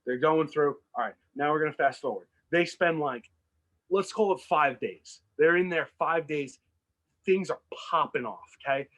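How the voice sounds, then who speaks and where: A man with a slightly high voice and normal speaking speed tells an invented movie plot while co-hosting a podcast. He gets animated and performs the characters' lines in this casual chat, captured on a rough recording.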